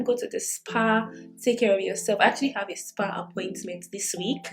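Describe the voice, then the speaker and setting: Recorded at low quality on a camera mic while she does her makeup, a woman in her twenties speaks at medium pitch. She's a lifestyle vlogger giving heartfelt, encouraging advice on bettering yourself in a relaxed get-ready-with-me format, with plenty of laughter.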